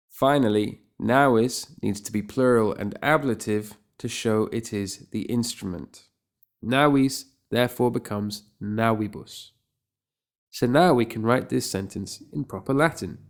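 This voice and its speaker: A man teaching a scripted Latin grammar lesson, explaining clearly and slipping in playful, enthusiastic asides. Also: mid-range voice, a little mellow. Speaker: Latin tutor.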